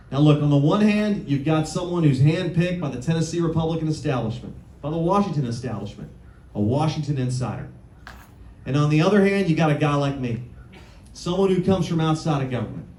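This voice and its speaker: A man's voice: on the high side, dark tone. A man running for office, giving a punchy campaign speech to a crowd in a meeting room, repeating lines and asking the audience questions. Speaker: political candidate. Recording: echoey room with faint noise.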